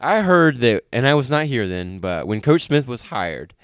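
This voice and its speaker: A man's voice: mid-range voice, moderate pace, clean tone, no echo, studio quality. A man hosting a podcast, chatting casually and leading the conversation. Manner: relaxed, brief affirmations, laughs along. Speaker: podcast host. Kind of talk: casual interview chat.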